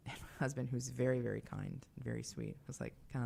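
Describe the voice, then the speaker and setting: A woman's voice: rumbling low, steady tone, fast talker, creaky, warm tone, slightly rough. A young woman hosting a call-in radio show, talking in a chatty, confiding way with fillers and asides. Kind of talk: casual call-in radio talk.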